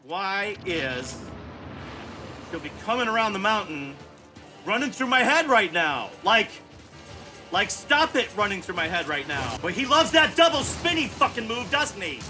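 A man's voice: sits high, very animated, moderate pace, sharp tone, faint music behind. Profane, exasperated man in his fifties. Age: 50s. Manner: profane, exasperated, scolds the game aloud. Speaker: gaming channel host. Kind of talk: gameplay commentary.

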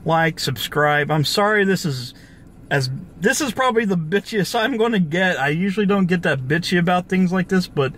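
A man's voice: high voice, animated, moderate pace, a bit bright, slight background noise. A young man hosting his own gaming channel, ranting angrily about the industry, profane and full of restarts. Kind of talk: ranting video commentary.

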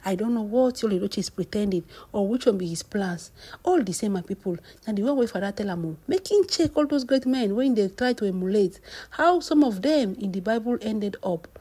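A woman's voice: mid-range voice, expressive, fairly quick, mellow, slightly rough. A woman with a Nigerian accent giving exclamatory celebrity gossip commentary and calling out to her viewers. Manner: exclamatory, addresses viewers as "my people". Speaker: gossip vlogger.

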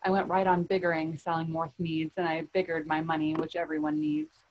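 A woman reading a rhyming children's storybook aloud in an expressive way. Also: low voice, a little fast, dull audio. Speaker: reader.

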